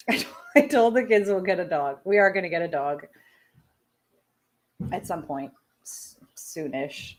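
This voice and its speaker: In her thirties, a woman hosts a live show, chatting casually and personally with viewers, laughing often and making self-deprecating asides. Her voice is lowish and expressive, at a measured pace with long pauses.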